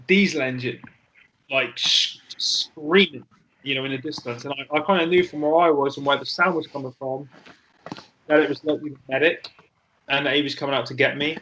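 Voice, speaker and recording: Candid man with a bright voice. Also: on the high side, low-quality recording. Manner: candid, halting, with frequent fillers and swearing. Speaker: interview guest, former soldier. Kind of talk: personal storytelling in an interview.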